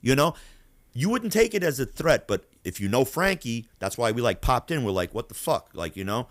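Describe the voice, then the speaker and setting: A man from Queens, hosting a podcast and telling stories in a profane, animated way. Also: mid-range voice, a little fast, no room sound. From Queens, New York. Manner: animated, profane, acts out voices. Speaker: podcast host. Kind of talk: casual storytelling.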